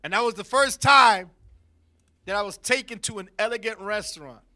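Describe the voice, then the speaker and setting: A man hosting a talk show in a studio, telling a comedic story with loud bursts and laughing asides. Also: sits high, normal speed. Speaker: podcast host.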